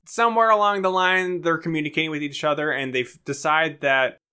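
A man co-hosting a podcast, chatting casually about a movie and acting out lines in quick bursts. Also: a little high. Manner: animated, jokey, acts out movie lines in bits. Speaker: podcast co-host. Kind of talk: casual movie review chat.

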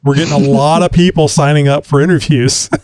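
A man's voice: fairly high pitch, steady tone, a little fast, a little mellow, no echo. A man co-hosting a podcast in casual chat, rambling with frequent fillers and restarts. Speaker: podcast co-host.

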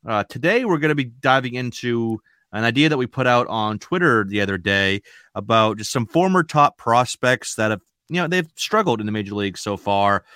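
A man with a New England accent hosting a fantasy baseball podcast in a chatty, relaxed way. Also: mid-range voice, normal speed, smooth, dry recording, clean studio sound. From Maine. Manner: chatty, relaxed, rambling with fillers. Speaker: podcast host. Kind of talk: casual podcast chat.

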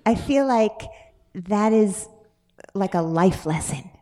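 A woman's voice: medium pitch, expressive, takes it slowly, warm tone. A woman hosting a live podcast on stage in front of an audience, talking in a playful, chatty way and laughing often. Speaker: podcast host.

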